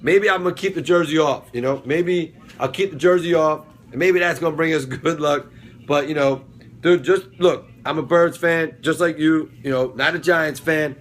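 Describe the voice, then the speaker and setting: A man's voice: fairly high pitch, moderate pace. A man hosting a casual solo vlog about football and TV, rambling with lots of fillers and restarts, swearing casually now and then. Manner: swears casually, laughs at his own jokes. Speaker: sports and TV review vlogger.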